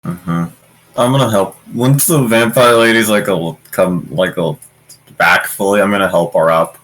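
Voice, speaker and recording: A man's voice: sits low, moderate pace, fairly bright tone, low-quality recording. A man playing in a tabletop role-playing game, chatting casually and joking with hesitant fillers. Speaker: player.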